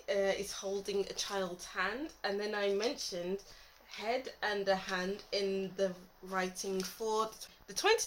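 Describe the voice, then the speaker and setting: A woman talks through a tarot spread in a casual, musing way, pausing to think aloud as she goes. Her voice sits at a middling pitch, and a faint hiss runs under the recording. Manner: thinking aloud, musing, trailing off mid-thought. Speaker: tarot reader. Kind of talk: casual tarot reading to camera.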